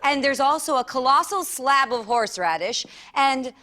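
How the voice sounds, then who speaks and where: A woman performing a comic story in a theatrical, animated way, with laughing asides. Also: sits high, moderate pace.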